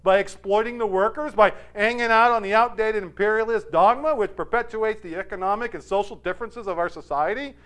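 A man's voice: sits high, animated, normal speed, a bit bright, pitched above the performer's own voice. A man doing an indignant ranting peasant. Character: indignant male peasant, argumentative.

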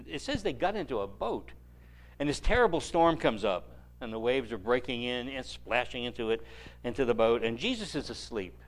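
Male preacher, mid-range voice, lively storytelling sermon with dry humor. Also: medium pitch. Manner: animated storytelling with dry joking asides.

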